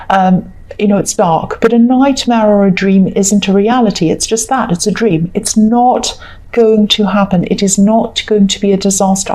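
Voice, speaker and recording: A woman's voice: mid-range voice, darkish tone. A woman giving a casual tarot reading, soothing and repetitive, reassuring the listener again and again. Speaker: tarot reader.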